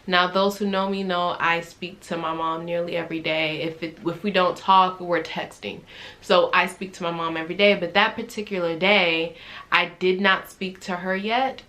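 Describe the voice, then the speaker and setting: A young adult woman vlogging, casually telling a personal story and acting out the dialogue she quotes. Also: lowish voice. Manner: animated retelling that acts out quoted dialogue; conversational, with frequent "I'm like" and "right?".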